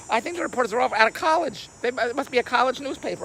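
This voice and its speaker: Older man, blunt and gruff, rambling rant to camera; a lively voice that swings high and low, with faint street noise outdoors. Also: brisk. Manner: gruff, blunt, laughs at his own jokes, repeats words. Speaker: YouTube commentator. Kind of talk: rambling opinionated monologue. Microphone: camera on a tripod.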